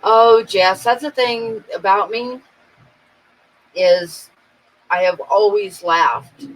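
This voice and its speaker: A woman with a mid-range voice speaks slowly over poor audio. Hosting an art channel, she chats casually with her live-stream viewers, sharing a story and laughing at it with evident amusement.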